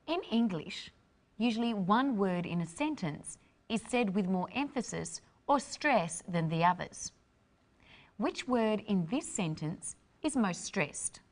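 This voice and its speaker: Brief: female lesson host, mid pitch, animated intonation, careful explainer. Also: slow. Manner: clear, careful explaining delivery. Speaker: host, English teacher. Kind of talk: scripted language lesson.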